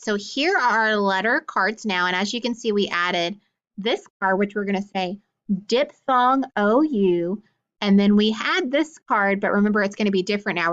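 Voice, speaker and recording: Woman teacher, encouraging phonics lesson, clear sound-outs. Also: medium pitch, a bit bright, dull audio. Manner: encouraging, slow sounding-out of words.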